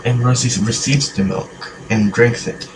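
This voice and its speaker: A man narrating an improvised story in a halting way, full of pauses and fillers. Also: mid-range voice. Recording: echoey room, mic far off, hiss.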